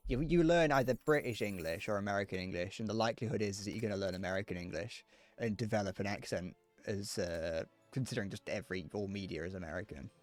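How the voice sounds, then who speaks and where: A man's voice: lowish voice, fast, soft background music. A young man with a Northern Irish accent, chatting casually with viewers as a livestreamer, rambling and laughing at his own jokes. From Northern Ireland. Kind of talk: casual chat to viewers while gaming.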